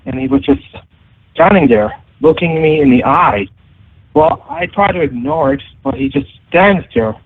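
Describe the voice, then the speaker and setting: A man's voice: on the high side, wildly swooping pitch, moderate pace, gravelly, a little hiss or hum. Hesitant male caller on a phone line. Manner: hesitant, full of fillers. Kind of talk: telling a story on a call-in show. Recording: dry tinny phone line.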